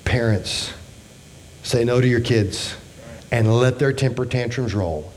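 A man's voice: mid-range voice, slow pace, a little mellow, a little hiss or hum. A man in his fifties preaching a sermon, emphatic, with rhetorical questions and joking asides. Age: 50s. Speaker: pastor.

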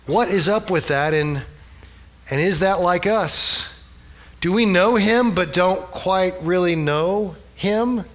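A man's voice: high voice, slow pace, a bit bright. A man preaching a conversational sermon, retelling scripture with humorous asides and rhetorical questions. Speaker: pastor.

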